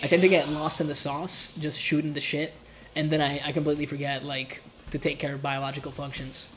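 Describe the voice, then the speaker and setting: Male streamer, nasal and stuffed-up, loose self-mocking game commentary, steady noise under the mic. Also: a little high, a little fast. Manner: casual, rambling, self-mocking. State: congested, coughing. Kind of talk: live gameplay commentary.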